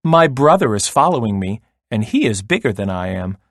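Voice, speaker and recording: A man voicing the middle billy goat, louder than his little brother and pleading in a storybook read-aloud. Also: lowish voice, sing-song, normal speed, no room sound, clean studio sound.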